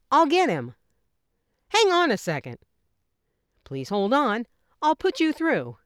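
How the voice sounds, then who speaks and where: A woman reading example phone phrases for an English lesson, with clear, measured delivery. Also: fairly high pitch, no echo, clean studio sound. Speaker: English teacher.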